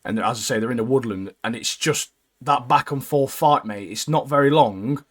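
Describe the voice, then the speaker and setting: Chatty man saying "mate" a lot. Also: normal speed. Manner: animated, keeps adding "mate", jumps into high squeaky voices when quoting characters. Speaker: podcast co-host. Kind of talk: casual anime recap chat.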